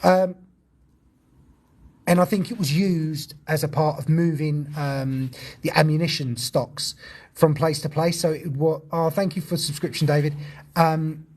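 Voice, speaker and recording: A man's voice: fairly high pitch, steady tone, measured pace, darkish tone. A man chatting casually on a ghost-hunting livestream, talkative and jumpy, swearing when startled outdoors.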